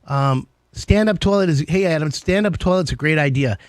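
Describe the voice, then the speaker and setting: A man's voice: on the high side, moderate pace, no room sound. A man hosting a live home-services call-in show, chatting casually with jokey, rambling asides. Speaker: radio show host. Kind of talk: casual call-in radio chat.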